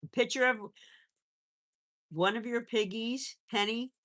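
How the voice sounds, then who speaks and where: A woman's voice: fairly high pitch, a little slow, fairly bright tone. A woman hosting a casual live stream from home on her phone, chatting with viewers and cooing at her pets. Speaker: pet channel host.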